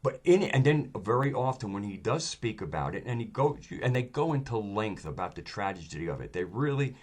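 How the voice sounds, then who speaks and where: A man talking in a casual monologue, rambling and hesitant, with frequent pauses and fillers. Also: on the low side. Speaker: video host.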